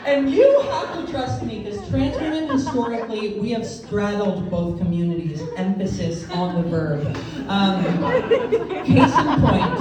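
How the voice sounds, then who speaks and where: Slow playful woman comic, echoey venue. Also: mid-range voice. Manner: playful, laughing between punchlines. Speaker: stand-up comedian. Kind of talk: stand-up comedy set. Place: live comedy venue. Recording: echoey room, distant mic, loud noise.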